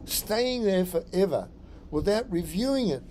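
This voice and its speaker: A man's voice: high voice, lively intonation, measured pace, a little mellow, a little hiss or hum. An Australian man, a psychic medium, talking through a rambling solo blog monologue and often repeating his phrases.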